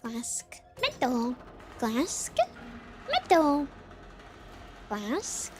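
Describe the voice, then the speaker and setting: A woman's voice: high-pitched, takes it slowly, noisy background. A woman streamer with a slight lisp on her S sounds, chatting casually and muttering words to herself as she plays a game. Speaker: VTuber streamer.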